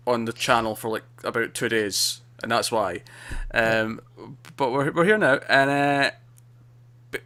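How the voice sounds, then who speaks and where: A man's voice: medium pitch, a bit bright. A man co-hosting a casual TV review show, rambling and restarting his sentences as he talks. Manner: rambling, self-interrupting with repeated words. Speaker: podcast co-host.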